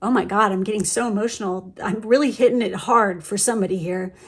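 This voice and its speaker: A woman's voice: medium pitch, steady tone, fast, husky. A woman giving a casual, emotional tarot reading, chatty with lots of fillers and the odd swear word. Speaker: tarot reader.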